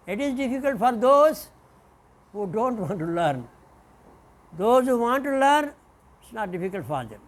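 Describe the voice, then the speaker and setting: A male professor with a notably high-pitched voice gives a classroom lecture. He speaks deliberately, pausing to spell out example words letter by letter.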